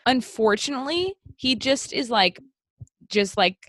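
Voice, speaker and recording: A woman's voice: on the high side, lively intonation, unhurried, a bit bright, no room sound, clean studio sound. A woman co-hosting a casual podcast, recapping a film with dramatic character quotes and strong opinions. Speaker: podcast co-host.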